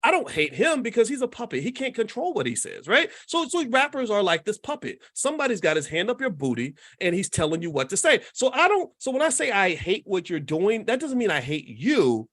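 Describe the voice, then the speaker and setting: Animated man in his fifties, punchy. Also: high voice, fairly quick, hardly any pauses, no echo. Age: 50s. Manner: emphatic, repetitive preacher-like rhetoric; conversational, asks the audience questions. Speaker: host and finance educator. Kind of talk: lively commentary monologue.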